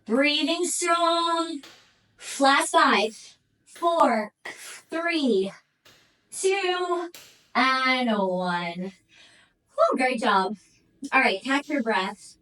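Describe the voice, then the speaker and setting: A woman's voice: high-pitched, expressive, very slow, long pauses, sharp tone, distant mic, low-quality recording. A woman leading a pilates workout, encouraging and counting reps aloud, a bit out of breath. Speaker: pilates instructor. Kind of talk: guided workout instruction.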